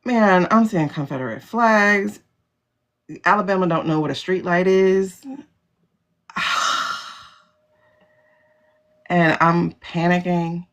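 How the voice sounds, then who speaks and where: Slow and prone to long pauses, this livestream host talks in a lowish, slightly bright voice over her phone stream. She is blunt and animated, laughs often, and swears without restraint.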